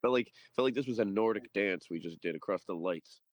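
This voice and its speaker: A man chatting as a guest on a podcast, excitable and sweary, calling people dude and bro. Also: fairly low pitch, fairly quick, dry recording. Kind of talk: casual chat.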